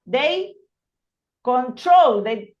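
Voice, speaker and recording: A woman's voice: high-pitched, lively intonation, extremely slow, darkish tone, dull audio. A woman teaching an online English lesson, explaining patiently and checking in with "hmm?".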